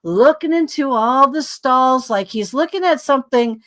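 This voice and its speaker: A woman, a podcast guest, telling a long story in a rambling, animated way with many asides. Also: high voice, normal speed.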